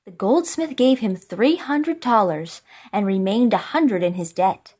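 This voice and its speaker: A woman reading a classic fairy tale aloud as narrator, clearly and expressively. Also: mid-range voice, expressive, measured pace, darkish tone. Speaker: storyteller. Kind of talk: storybook reading.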